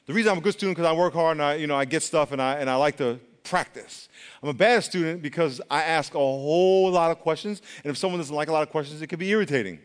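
Pastor, male, lively sermon delivery, pitched a touch high, long hall reverb. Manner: animated, swings from loud exclaims to soft asides, acts out quotes.

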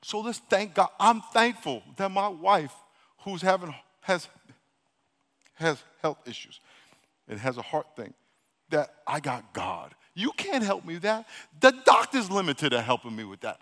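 In a big church hall, a male pastor with a slightly high voice delivers his sermon unhurriedly but very animatedly. Speaking straight to the congregation in casual, Southern-leaning speech, he repeats himself and exhorts them to pray loud. A handheld or stage mic captures him amid long hall reverb.

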